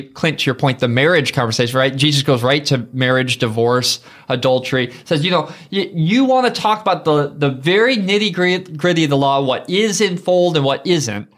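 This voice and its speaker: A man's voice: fairly high pitch, fairly bright tone. A man co-hosting a Bible study, explaining a passage in a thoughtful, conversational way and addressing his co-host by name.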